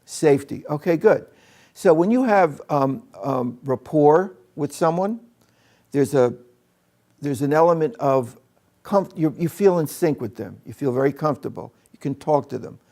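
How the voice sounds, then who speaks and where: A man's voice: a little high, expressive, normal speed, dark tone. A man training teachers in a live workshop, chatting with his audience and demonstrating with a volunteer in a training room.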